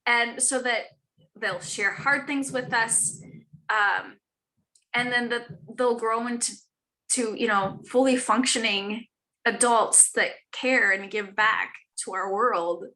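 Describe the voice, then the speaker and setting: Bright, earnest woman author chatting. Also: on the high side, takes it slowly. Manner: earnest, chatty, lots of fillers and restarts. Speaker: author guest. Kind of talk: casual live chat.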